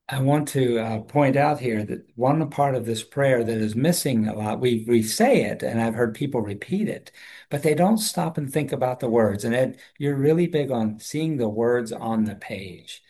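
A man's voice: mid-range voice, normal speed, dark tone, husky. A man co-hosting a conversational Bible study, talking in an earnest, thoughtful way with frequent restarts. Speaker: co-host of a Bible discussion.

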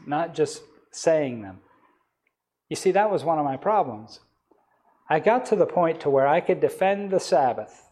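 A man's voice: a little high, darkish tone. A man preaching a sermon in a church hall, reading scripture aloud and explaining it earnestly, rising to emphatic peaks on key words.

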